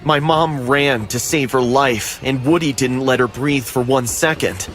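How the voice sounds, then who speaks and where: A man narrating a scripted horror story in the first person, steady and dramatic. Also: mid-range voice, a little slow, soft background music.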